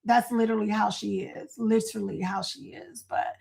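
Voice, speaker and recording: A woman's voice: on the high side, fairly even intonation, normal speed, vocal fry, a little mellow. A middle-aged woman hosting a casual livestream, chatting, reading viewer comments aloud and laughing often. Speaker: livestream host.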